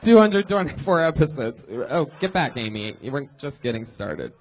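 A man hosting a live comedy show, loud, excitable, crude and teasing. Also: fairly high pitch, moderate pace. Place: comedy club stage.

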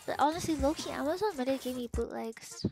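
A woman's voice: sits high, fast talker, vocal fry, music in the background. A woman streamer giving casual, profane, exasperated running commentary while she plays a game.

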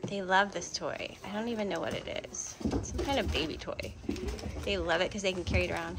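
A woman's voice: lowish voice, fairly quick. A young woman with a cold chatting in sing-song baby talk to puppies in an indoor pen. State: has a cold. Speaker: dog breeder. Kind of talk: casual vlog, chatting to puppies. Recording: noisy background.

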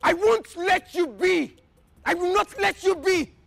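An actress with a Nigerian accent in a film drama, shouting defiantly. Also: female voice, very high voice, very animated, moderate pace, full character voice.

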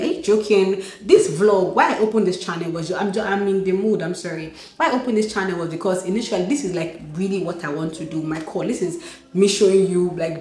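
A young Nigerian woman vlogging from home, telling stories excitedly and acting out dialogue. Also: lowish voice. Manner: excited, animated storytelling, acts out dialogue. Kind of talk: casual vlog talk. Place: home, indoors. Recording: echoey room.

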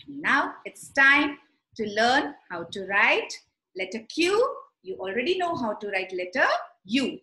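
A woman teaching young children, telling a story and guiding letter writing in a slow, sing-song, animated way. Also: on the high side. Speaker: preschool teacher. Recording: echoey room.

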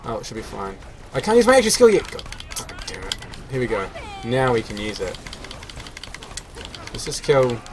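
A man's voice: mid-range voice, slight background noise. A man talking casually to viewers as he plays a shooter game, chatty and self-mocking, with the odd swear. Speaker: game player. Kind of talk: solo gameplay commentary.

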